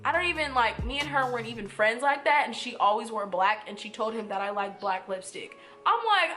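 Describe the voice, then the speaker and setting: A young woman telling a casual storytime monologue, animated and quick, swearing freely and acting out what people said. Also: a little high. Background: faint music.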